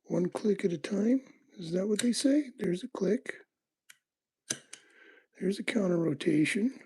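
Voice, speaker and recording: A man hosts a casual livestream while picking locks, chatting with viewers and rambling through laid-back stories full of fillers. His voice sits high and is expressive, a bit slow, darkish, and slightly rough.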